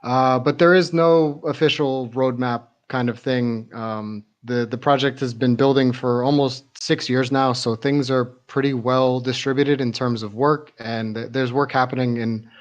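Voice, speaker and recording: A man hosting a livestream community chat, relaxed and hesitant with fillers. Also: mid-range voice, measured pace, few pauses. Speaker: host.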